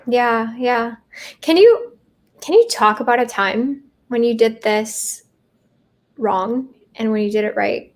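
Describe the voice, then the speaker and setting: A woman's voice: a little high, takes it slowly. A woman interviewing a guest in a casual conversation, adding brief encouraging interjections.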